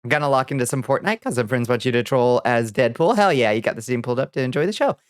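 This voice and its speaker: A woman with an extremely low voice chats quickly and casually with her viewers as a vtuber streamer, recorded with studio quality and no room sound. Laid-back, she swears freely and greets people by name during the livestream.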